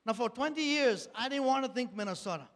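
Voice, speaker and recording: A man's voice: very high-pitched, animated, a little fast, fairly bright tone. A man giving an earnest church testimony, repeating phrases and asking rhetorical questions. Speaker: speaker giving a personal testimony. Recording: long hall reverb.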